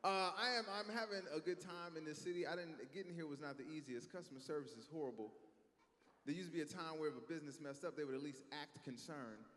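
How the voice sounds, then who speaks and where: A man in his thirties doing a stand-up set on a stage, telling stories in a conversational, animated way. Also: on the high side, quick pace. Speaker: stand-up comedian. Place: stage in a large hall. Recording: echoey hall, faint ambience.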